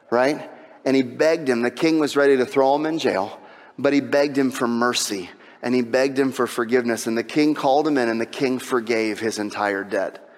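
A man's voice: mid-range voice, big-room sound. A man preaching a sermon as pastor, repeating phrases for emphasis and rising to impassioned peaks. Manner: builds to impassioned, shouting peaks when retelling the parable.

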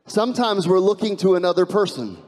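A man's voice: sits high, lively intonation, fairly quick, a little mellow. A middle-aged man preaching a sermon as pastor, earnest, repeating key phrases and prompting the congregation to respond. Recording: long reverb of a large hall.

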